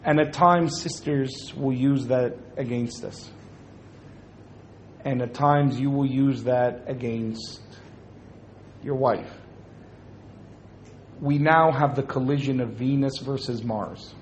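A man's voice: medium pitch, takes it slowly, long pauses, slight background noise. A man speaking to an audience at a religious talk, joking and acting out little scenes.

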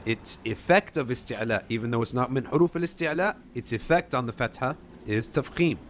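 A man teaching recitation in a middle-pitched voice, with faint noise behind him. He models each sound slowly, then repeats it. He asks a question and answers it himself in a patient, steady manner. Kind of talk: tajweed lesson, explaining and modeling recitation.

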